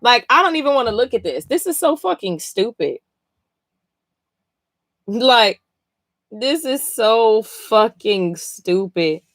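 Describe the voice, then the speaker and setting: A woman's voice: a little high, sing-song, slow, long pauses, fairly bright tone, dry recording. A sleepy woman streamer reacting live as she reads a comic, blunt, profane and exasperated. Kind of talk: casual live reading reaction.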